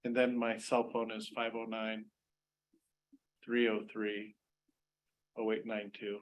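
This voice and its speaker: A man on a school board calmly explains procedures in an easygoing, informal way. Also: on the low side, takes it slowly, poor audio. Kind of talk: casual meeting discussion.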